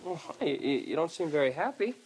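A man playing a playful, smooth-talking husband and musician in a sitcom. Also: fairly high pitch, very animated, quick pace, a little mellow, a little hiss or hum. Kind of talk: sitcom acting.

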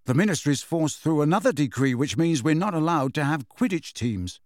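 A man's voice: on the high side, expressive, normal speed, no echo, clean studio sound, natural voice. A man voicing an agitated teenage boy who speaks urgently and demands answers in an audiobook reading.

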